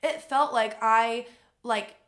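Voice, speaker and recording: A young woman vlogger telling a personal story in a casual, animated way, swearing freely and acting out what other people said. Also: fairly high pitch, takes it slowly. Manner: animated, swearing, acts out quoted voices.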